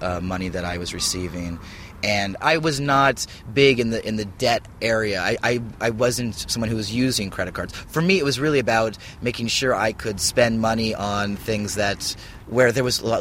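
A man's voice: lowish voice, moderate pace, fairly bright tone, a little hiss or hum. A man answering interview questions on a hiking trail, hesitant and repeating words as he thinks. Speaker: interview guest.

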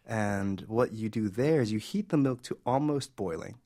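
Casting: male food editor guest, lowish voice, warm explainer with fillers. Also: moderate pace. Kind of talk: radio interview.

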